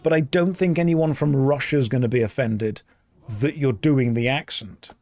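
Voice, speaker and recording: A man's voice: mid-range voice, normal speed, a little mellow, no echo. An English man streaming an online game, chatting casually in a rambling, joking way while he plays. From England. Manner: rambling, joking, thinking aloud. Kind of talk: casual gameplay chat.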